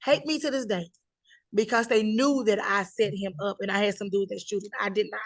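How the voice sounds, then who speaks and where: A woman's voice: mid-range voice, fairly even intonation, fairly quick, no echo. Middle-aged woman, interview guest, emphatic storyteller who acts out quotes, dry close sound. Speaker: guest telling her life story. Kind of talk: conversational interview.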